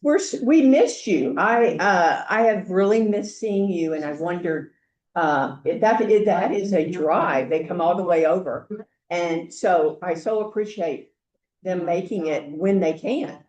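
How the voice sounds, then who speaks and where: An older woman hosts a meeting in a meeting room, giving casual welcome remarks in a chatty, halting way with many fillers. Her voice is lowish and a little mellow, with a reverberant sound.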